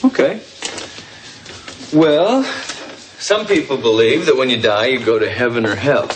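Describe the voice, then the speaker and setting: A man's voice: mid-range voice, animated, unhurried, natural voice. An actor playing a middle-aged father with a dry, wry way of talking in a sitcom. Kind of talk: sitcom acting. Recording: sitcom audio with background noise.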